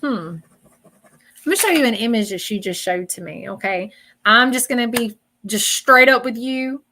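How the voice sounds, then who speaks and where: A woman's voice: fairly high pitch, normal speed, pushed and bright. Chatty woman giving a psychic reading. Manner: blunt, chatty, keeps checking in with "okay?". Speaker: psychic medium. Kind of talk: live-streamed psychic reading.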